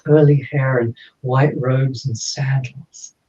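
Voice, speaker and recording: A man, a podcast guest, telling a personal story in an animated way and acting out the dialogue. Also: medium pitch, slow. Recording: slightly dull lo-fi audio.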